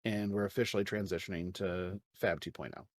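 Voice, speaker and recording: Animated man co-hosting a podcast. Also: deep voice, fairly quick, no room sound. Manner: animated, swearing, joking. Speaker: podcast co-host. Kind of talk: casual podcast chat.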